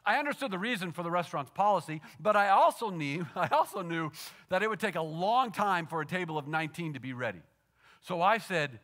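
A male pastor with a fairly high, brisk voice tells a story during his sermon. His delivery swings between animated and soft, hushed moments, and he often repeats words as he builds toward a point.

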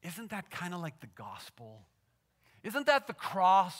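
A male pastor delivering a sermon, telling a story that swings from animated to soft and hushed, often repeating words as he builds a point. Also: sits high, a little slow.

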